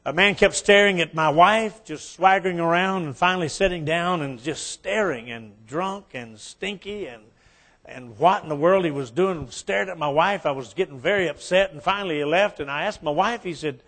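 Appalachian man, folksy guest preacher, joking then fervent, slightly high voice. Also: moderate pace, a bit bright. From West Virginia. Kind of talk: folksy sermon with jokes.

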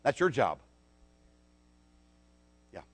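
A man preaching a sermon, dramatic and swinging between loud declarations and soft, low asides. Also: extremely slow.

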